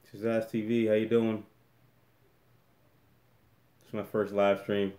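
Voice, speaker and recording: A man's voice: on the low side, level tone, measured pace, dark tone, roomy sound. A man hosting a casual live-stream Q&A from a room at home, rambling and restarting often as he reads the chat aloud. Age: adult with a daughter.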